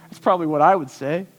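Male pastor, high voice, earnest storytelling sermon, recorded in a church sanctuary with a long reverb tail. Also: a little hiss or hum. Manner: earnest, storytelling preacher with rhetorical questions.

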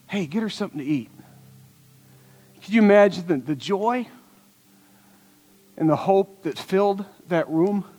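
Male pastor, high voice, earnest storytelling sermon, recorded in a church sanctuary with a long reverb tail. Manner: earnest, storytelling preacher with rhetorical questions.

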